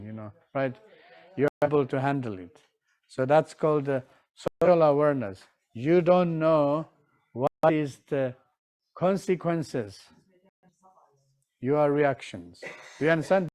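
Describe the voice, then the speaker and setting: A man's voice: on the high side, measured pace, a little mellow. A man teaching Tibetan medicine in a live session, in non-standard English, who keeps checking in with his listeners and acts out his examples.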